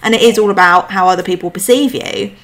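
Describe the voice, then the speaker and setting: A woman hosts a relaxed podcast conversation from home. Her speech carries a slight lisp, and she talks in a chatty, emphatic way, swearing now and then. Her voice sits at a middle pitch for a woman. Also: fast talker. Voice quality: lispy. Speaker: podcast host. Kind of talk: casual podcast chat.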